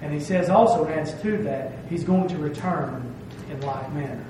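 Heard from afar in a strongly reverberant room, this sermon comes from a man whose voice is a little high and whose pace is normal. He leans hard on his phrases and asks "okay?" to make sure he's followed, over a noisy background.

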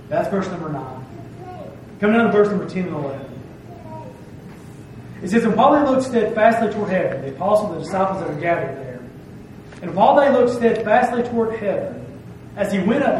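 Fairly high in pitch and a little mellow, a man's sermon is full of stressed phrases and "okay?" checks to make sure he's followed. A bit of hiss or hum runs through the recording, which is distant and very echoey.

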